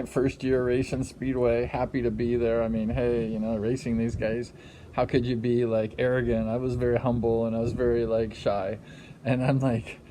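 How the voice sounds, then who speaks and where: A man's voice: mid-range voice, slight background noise. A middle-aged man, a former speedway racer, telling a rambling story full of repeated fillers. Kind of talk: casual storytelling. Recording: loud music underneath.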